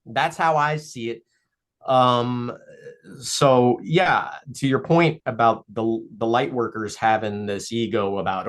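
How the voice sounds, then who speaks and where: Man, podcast guest, casual chat, playful storytelling, animated. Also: unhurried. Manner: animated storyteller, playful, rising into high excited bursts. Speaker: guest cartoon creator.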